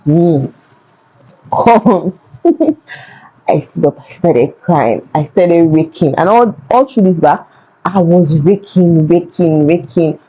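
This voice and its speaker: A young woman, telling a personal story to camera in a casual, animated way, repeating words for emphasis. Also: lowish voice, slow, long pauses, breathy edge, highs cut off. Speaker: vlogger. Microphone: phone.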